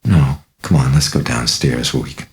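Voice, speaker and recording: A man reading the part of an anxious, exhausted mother in an audiobook, speaking in clipped, hurried lines. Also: extremely low pitch. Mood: tired. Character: anxious weary woman, mother of a sick girl.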